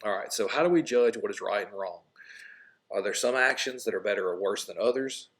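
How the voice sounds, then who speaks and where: A male high school English teacher explaining a lesson in an informal, explanatory way before reading a story aloud. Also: a little fast, fairly bright tone.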